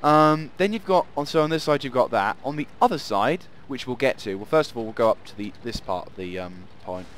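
A man's voice: mid-range voice, animated, fairly quick, hardly any pauses, a bit bright, a little hiss or hum. A man hosting casual gameplay commentary, rambling and playful, often laughing. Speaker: gaming channel host.

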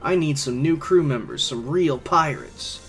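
Luffy, put on by a man, brash and loud. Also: fairly high pitch, unhurried, soft background music, pitched above the performer's own voice. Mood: excited. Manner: loud, eager, exaggerated. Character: cheerful young male pirate captain, brash. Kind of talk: amateur voice-over of a game.

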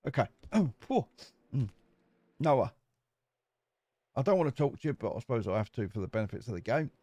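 A man's voice: medium pitch, sing-song, a little fast, darkish tone, no room sound. A man giving casual, cheeky commentary while playing a survival game. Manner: chatty, cheeky, jokes with game characters. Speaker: gameplay commentator. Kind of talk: casual let's-play commentary.

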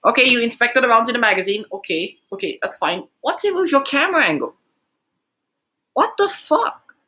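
A man giving profane, exasperated reaction commentary, swearing often and jumping in pitch. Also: sing-song, quick pace, pushed and bright, a little hiss or hum, low-quality recording. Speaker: reaction video host.

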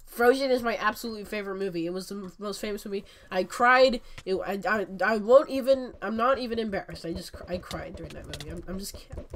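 A woman giving excitable, chatty gameplay commentary while sick, her voice cracking often. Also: medium pitch, fast talker, a little hiss or hum. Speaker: gaming channel host.

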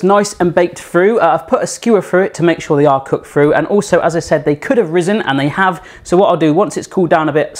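A man hosting a casual home baking tutorial in his kitchen, chatty and playful with puns and jokes. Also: on the high side. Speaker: self-taught home baker hosting a cooking channel.

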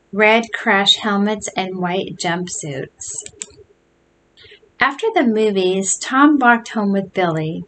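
Woman storyteller, children's book read-aloud, slow expressive delivery, medium pitch. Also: slight background noise, low-quality recording.

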